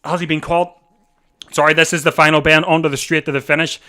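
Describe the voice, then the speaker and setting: A man hosting a live watch-along, calling a bike race in a breathless, excitable way and repeating himself as the finish nears. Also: on the high side. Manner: breathless, rising to shouts at the finish; talks fast over the race, repeating himself. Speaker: livestream watch-along host. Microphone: desk mic.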